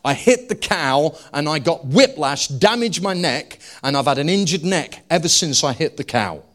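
A woman's voice: low-pitched, expressive, moderate pace. A male preacher voicing an indignant woman with an injured neck, retelling her story in a raised, emphatic voice. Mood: earnest.

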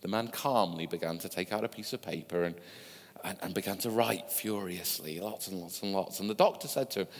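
A man's voice: low-pitched, fairly quick. A man preaching a sermon, telling stories in a conversational way with asides to his listeners. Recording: long hall reverb.

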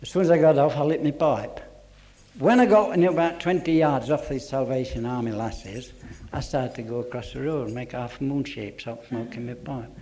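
A man telling his church testimony to a congregation, earnest, dropping to a hush for quoted voices. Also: mid-range voice, moderate pace.

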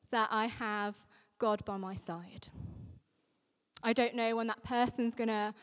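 A female vicar delivers an earnest sermon, pressing on her words with feeling. Her voice sits a little higher than most women's, and it rings out with the long reverb of a large hall. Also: darkish tone. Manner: earnest, emphatic preaching.

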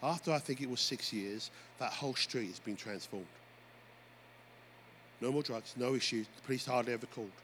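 Animated preacher man. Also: medium pitch, normal speed. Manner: animated storytelling preacher, often addressing "folks". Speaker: pastor. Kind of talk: sermon. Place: church. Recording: faint background noise.

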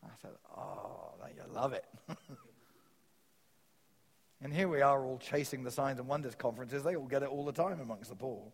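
A man preaching a sermon, telling stories with quoted dialogue in an animated way. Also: medium pitch, a little fast, long pauses, breathy edge. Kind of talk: sermon teaching. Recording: long reverb of a large hall.

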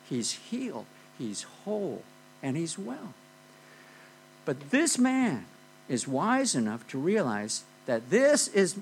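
A man preaching a sermon, telling a Bible story in a lively, conversational way and checking in with "okay?" often. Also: high-pitched, a little hiss or hum, rough recording. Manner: animated storytelling with frequent "okay?" and "you know".

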